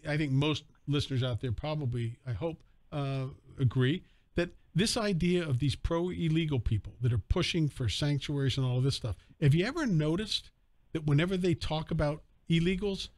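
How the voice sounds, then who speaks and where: A man's voice: fairly high pitch, normal speed, darkish tone, dry recording. A man filling in as a radio call-in host, speaking emphatically with rhetorical questions. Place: radio studio.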